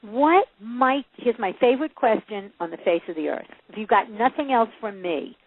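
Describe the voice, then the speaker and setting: Animated woman storyteller on a phone line. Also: a little high, normal speed, no room sound. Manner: lively storyteller who acts out quoted voices and laughs often. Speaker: parenting coach guest. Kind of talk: casual interview chat.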